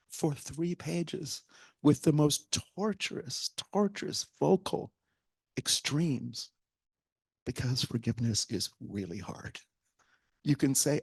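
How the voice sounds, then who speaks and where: A man who directs theater is the guest at a public talk in a library hall, with an audience present, lively retelling a story, performing quoted lines and now and then nearly whispering. His mid-range voice is gravelly with a breathy edge, and he speaks unhurriedly. The recording is dry.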